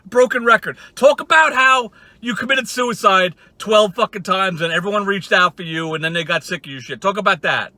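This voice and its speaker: A man's voice: high voice, normal speed, pushed and bright, dry recording. A man hosting his own channel, ranting casually in a profane, sarcastic and rambling way. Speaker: channel host.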